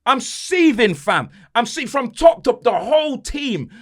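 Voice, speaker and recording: A man's voice: extremely high pitch, very animated, unhurried. A young man, a podcast host ranting angrily about his football team, swearing and fuming. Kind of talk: football rant.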